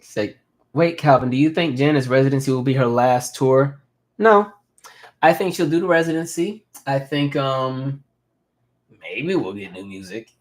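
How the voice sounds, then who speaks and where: A man in his thirties hosts a relaxed live stream and chats with his viewers. He tells stories with lively energy and reads their comments out loud in an ordinary mid-range voice. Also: mid-range voice, a little slow. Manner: animated storytelling, reads viewer comments aloud. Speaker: host. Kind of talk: casual live-stream chat.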